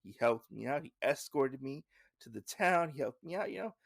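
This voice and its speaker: Brief: kindly old mother, gentle and welcoming, gravelly, dry, read by a man. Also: medium pitch, expressive, normal speed, dry recording.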